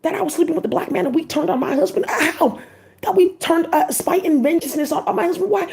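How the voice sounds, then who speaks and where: A distraught wife from long ago pleads and demands answers in a shrill, high voice that sits far above the speaker's usual register, as a woman puts her on. She keeps asking why, and her tone stays soft and mellow at the edges. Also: brisk, gravelly. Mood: pleading. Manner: pleading, asks why again and again.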